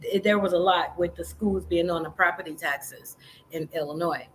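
A woman's voice: lowish voice, normal speed, background noise. Impassioned woman repeating rhetorical questions. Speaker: activist host of a live stream. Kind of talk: casual impassioned monologue.

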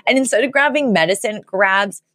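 A woman's voice: medium pitch, a little fast, fairly bright tone, dry recording. A woman co-host talks through a sitcom episode in a loose, chatty way, breaking into laughter as she recounts the jokes. Her voice sits in an ordinary middle range and is recorded dry and close, with no room sound around it. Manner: chatty, laughs often while retelling scenes. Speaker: podcast co-host. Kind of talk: casual TV episode recap chat.

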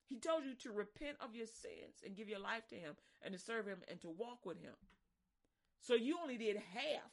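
A woman preaching in a loose, conversational style, animated and acting out little scenes as she talks. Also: a little high, moderate pace. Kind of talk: casual sermon.

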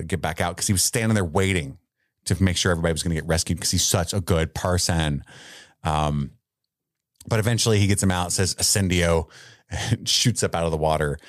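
A man's voice: deep voice, no echo, studio quality. A man co-hosting a podcast, chatting casually about a movie, joking and laughing a lot. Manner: jokey, laughs often, slips into goofy voices. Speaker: podcast co-host. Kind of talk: casual movie review chat.

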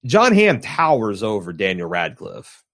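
Rambling low-voiced man chatting. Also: wildly swooping pitch, unhurried, fairly bright tone, dry recording, studio quality. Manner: rambling, filler-heavy, swears casually. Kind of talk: casual chat about TV shows.

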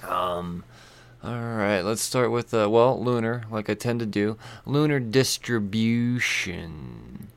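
A man's voice: fairly low pitch, lively intonation, takes it slowly, creaky, clean tone, dry recording. Rambling man hosting a comics podcast. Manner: rambling, self-amused, with restarts. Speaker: podcast host. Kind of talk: casual podcast chat and ad reads.

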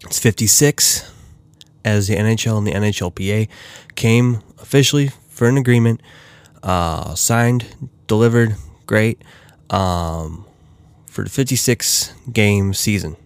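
Low smooth-voiced guy rambling through hockey news, lots of ums, dry close mic. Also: a little slow, dry recording. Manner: rambling, many fillers and restarts. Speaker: hockey podcast host. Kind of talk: casual solo hockey talk.

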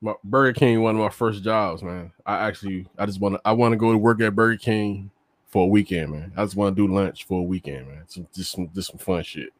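Fast-talking low-voiced man, slangy. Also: fairly even intonation, dry recording. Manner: rapid, loose, slangy, stammering restarts. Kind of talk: casual podcast discussion.

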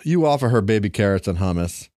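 A man's voice: lowish voice, animated, quick pace, dark tone, dry recording, clean studio sound. A man reading aloud the narration of a story game for his friend, laughing often. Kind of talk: reading game text with banter.

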